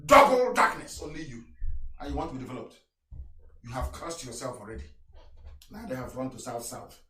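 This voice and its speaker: A man's voice: medium pitch, sing-song, fairly quick, pushed and bright, recorded from a distance. A man giving an impassioned live broadcast address, talking emphatically, repeating phrases and chuckling to himself. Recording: roomy sound, voice off the mic.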